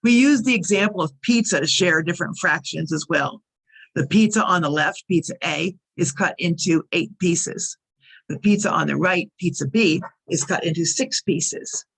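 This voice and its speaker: A woman teaching English to learners, speaking slowly and carefully and spelling out each number and abbreviation. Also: on the low side, vocal fry, fairly bright tone, slightly rough, rough recording. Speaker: ESL teacher. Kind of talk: recorded lesson recap.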